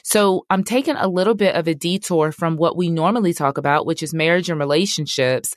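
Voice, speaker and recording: A woman's voice: on the low side, fairly quick, no room sound, studio quality. A middle-aged woman, hosting a personal faith talk in a candid, conversational way that speaks straight to her listeners. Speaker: podcast host.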